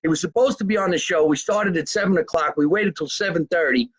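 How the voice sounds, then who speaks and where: A man's voice: a little high, fast, husky. A man hosting a casual live podcast, joking loosely and reading viewer comments aloud. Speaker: podcast host. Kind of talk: casual live show chat. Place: basement at home.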